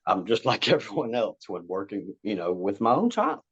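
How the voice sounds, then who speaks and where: A male guest explains a parenting approach in a lowish, husky, slightly bright voice whose pitch swoops wildly at a moderate pace. He rambles casually, repeats himself often, and acts out the lines of parent and child, all in slightly dull lo-fi sound.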